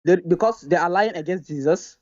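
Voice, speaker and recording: A man calling into a heated live debate, insistent and argumentative, reading verses slowly. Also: sits high, darkish tone, lo-fi sound. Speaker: caller in a debate.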